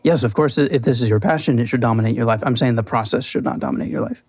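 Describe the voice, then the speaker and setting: A young man working through an argument in a relaxed podcast chat, earnest and measured. His mid-range voice sounds close and dry. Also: mid-range voice, no room sound. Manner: earnest, reasoning aloud. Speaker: podcast co-host. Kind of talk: casual discussion.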